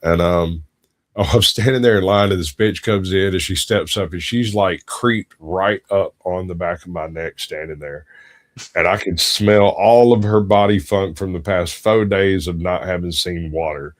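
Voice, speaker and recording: A man's voice: low-pitched, measured pace. A middle-aged man, co-hosting a podcast and telling crude stories in casual chat, laughing often. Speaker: podcast co-host.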